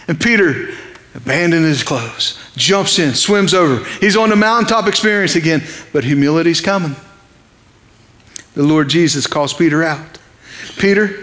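A man's voice: high-pitched, a bit bright, long reverb tail. A man preaching an evening sermon in a conversational, impassioned way, asking his listeners questions.

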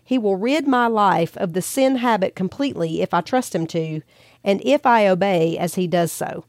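A gentle woman reading a devotional. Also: mid-range voice, animated, normal speed, no echo, clean studio sound. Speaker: podcast host and author.

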